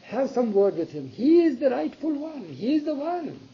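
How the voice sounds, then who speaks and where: A man's voice: a little high, normal speed, gravelly, highs cut off, a little hiss or hum. A man voicing an insistent, scolding queen.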